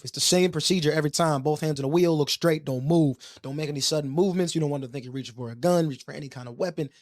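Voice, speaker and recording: A man co-hosting a podcast, telling a long story in a casual, animated way and acting out the voices of the people in it. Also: medium pitch, no room sound, clean studio sound. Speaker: podcast co-host.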